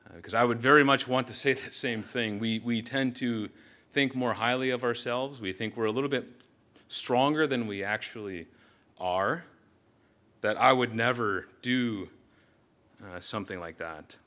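A man's voice: medium pitch, sharp tone. A man preaching a sermon as pastor, earnest and reflective, often restarting his sentences.

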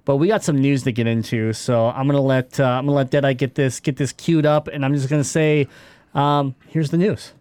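A man hosting a podcast, joking around quickly and reading out show info. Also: medium pitch, fairly even intonation, darkish tone, smooth. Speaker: podcast host. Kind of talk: casual podcast banter.

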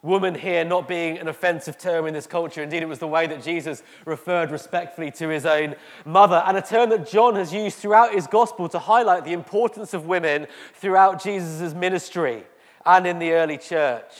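A man preaching a sermon to a congregation, slow and emotive, with dramatic pauses. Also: on the high side. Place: church hall. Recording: echoey hall.

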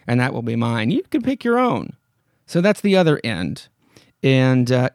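A podcast host casually retells a horror comic from his home mic, with loose fillers throughout. He has a medium-pitched voice, lively intonation and a moderate pace, and the sound is clean studio quality with no echo.

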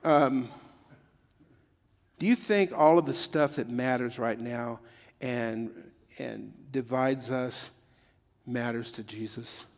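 A man's voice: mid-range voice, takes it slowly, long pauses. Conversational middle-aged male pastor, reverberant hall. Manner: conversational, jokey preaching with rising emphatic peaks. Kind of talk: sermon.

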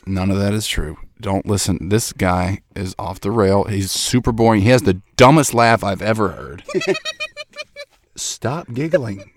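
A man hosting a comedic podcast from a small closet, exasperated and pleading for everyone to calm down. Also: fairly low pitch, moderate pace, no echo. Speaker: podcast host. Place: small hot broom closet.

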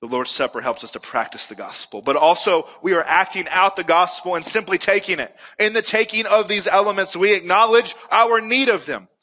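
Bright-voiced male pastor preaching in a hall. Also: sits high, brisk, hardly any pauses. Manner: earnest, builds to emphatic peaks. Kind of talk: sermon.

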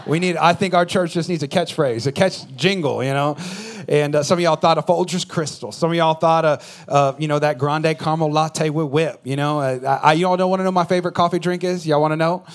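A man's voice: fairly high pitch, steady tone, fairly quick. A man from California preaching as pastor, joking in a loose conversational way and drawing answers from the congregation in church. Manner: joking, talks back and forth with the congregation. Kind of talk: casual conversational sermon.

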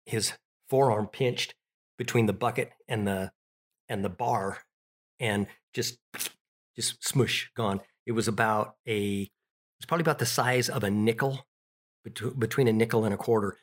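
A middle-aged man with a fairly low voice, speaking at normal speed, tells childhood stories in an interview. The storytelling is casual, rambling, and full of restarts and fillers.

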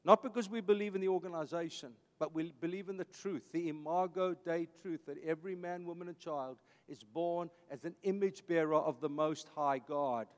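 High-voiced Afrikaans-accented pastor in a hall. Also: male voice, normal speed, few pauses. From South Africa. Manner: emphatic, preacherly, with repeated phrases. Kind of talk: talk to a church audience.

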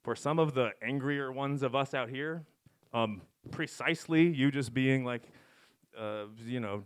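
A man delivers a casual sermon in a conversational, off-the-cuff way. He rambles, interrupts himself and adds wry, animated asides. His voice sits in an ordinary middle pitch. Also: a little slow, smooth. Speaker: pastor.

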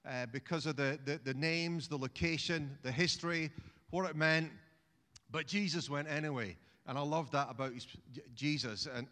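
A man's voice: a little high, fairly bright tone, long reverb tail. A man preaching a sermon in a chatty, humorous way, often restarting phrases and calling on the congregation to repeat words. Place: church.

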